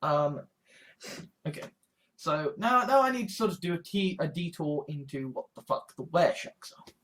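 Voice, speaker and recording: A woman's voice: sits low, lively intonation, moderate pace, a bit bright. A woman vlogger talking casually to camera in a rambling, exasperated way, swearing freely. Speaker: YouTube vlogger. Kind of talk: casual vlog monologue.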